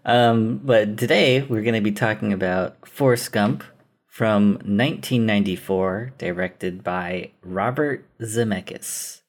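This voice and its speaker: A man co-hosting a movie podcast in casual chat, relaxed and amused. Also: lowish voice, a little slow. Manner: relaxed, amused, often laughing along. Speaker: podcast co-host.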